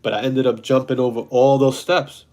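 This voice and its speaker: A man's voice: mid-range voice, moderate pace, a little hiss or hum. Profane, blunt New man ranting. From New York City. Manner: blunt, profane, animated storytelling. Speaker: host. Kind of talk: casual storytelling monologue.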